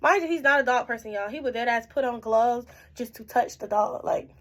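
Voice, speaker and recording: A woman's voice: a little high, brisk, fairly bright tone. A tipsy young woman telling a storytime in casual, profane chat, jumping around as she goes. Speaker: storytime vlogger.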